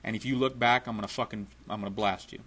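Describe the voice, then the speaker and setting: A menacing armed robber barks short, profane orders, as a man puts him on while telling a story. The voice is pushed higher and louder than the storyteller's own. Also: fairly even intonation, quick pace. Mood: threatening. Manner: barked, profane threats.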